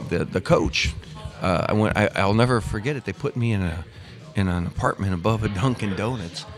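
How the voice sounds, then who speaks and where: Low-voiced older man telling stories. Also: brisk. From Missouri, USA. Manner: rambling, with many restarts and quoted dialogue. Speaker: guest, former pro soccer player. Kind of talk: casual storytelling interview.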